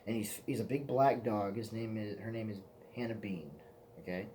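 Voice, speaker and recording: Low-voiced man rambling a crude story. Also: moderate pace, dark tone, slight background noise. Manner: rambling, profane, laughing at his own stories. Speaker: vlogger. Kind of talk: casual storytelling vlog.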